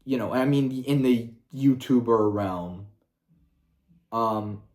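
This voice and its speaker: A man's voice: medium pitch, slow pace, a little mellow. A young man ranting heatedly on his video channel, swearing often and sounding combative. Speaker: YouTuber.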